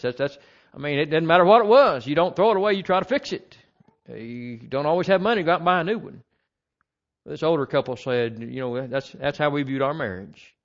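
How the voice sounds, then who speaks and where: A man preaching a sermon, reading scripture slowly and with rising force. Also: medium pitch, creaky, dull audio.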